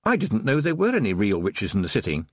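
A man's voice: lowish voice, huge pitch swings, quick pace, a little mellow, no room sound, clean studio sound. A man voicing an earnest, careful young girl witch. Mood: innocent. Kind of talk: audiobook character voice.

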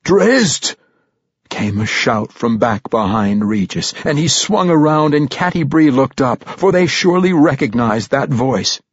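A man reading a fantasy audiobook in a measured, dramatic storytelling manner. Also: mid-range voice, animated, breathy edge, no room sound, highs cut off. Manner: measured, dramatic storytelling that lifts for tense moments. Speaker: audiobook narrator. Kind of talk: scripted fantasy audiobook narration.

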